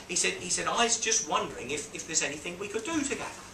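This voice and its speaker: A man's voice: high voice, lively intonation, rapid-fire, creaky, hardly any pauses, noisy background. A man telling a story to a small group, acting out voices and beeping sounds. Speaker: speaker mentoring a group. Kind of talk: storytelling talk to a small audience. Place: on a boat, roomy space. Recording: roomy, mic at a distance, faint ambience.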